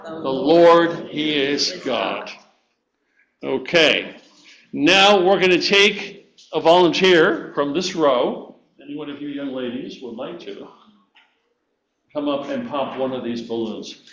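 Speaking at a measured pace, a man with a slightly high, somewhat bright voice teaches a group of church children a memory verse. He repeats it and gently urges them to join in, captured on dull lo-fi audio.

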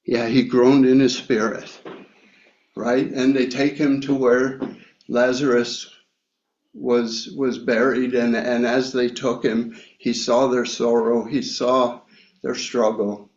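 Speaking slowly and reflectively, this male preacher works through a sermon, Bible reading and a personal story, with frequent pauses and fillers. The pitch is medium and level, a little mellow, and the audio sounds a bit dull in an echoey room.

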